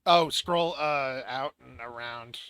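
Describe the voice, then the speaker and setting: A man's voice: mid-range voice, slow pace, a bit bright, slight background noise. A man running a tabletop game as game master, chatting casually with his players and laughing often.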